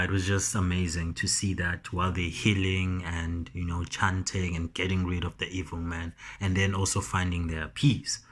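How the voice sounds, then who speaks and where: A man casually recapping a TV episode as a reviewer, hesitant with many ums and restarts. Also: fairly bright tone. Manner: slow and low-key. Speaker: TV show reviewer.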